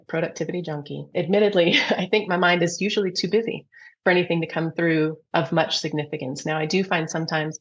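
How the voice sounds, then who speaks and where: A middle-aged woman, a reiki teacher and psychic medium, telling stories in an earnest, animated interview manner. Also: sits low. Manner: animated, earnest storytelling with restarts. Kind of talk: conversational interview. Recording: muffled lo-fi audio.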